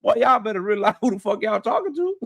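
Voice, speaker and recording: High-voiced man in a heated boxing rant. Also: animated, fast talker, gravelly. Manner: heated, profane, mocking rant to chat. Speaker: boxing talk show host. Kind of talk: live-stream boxing rant.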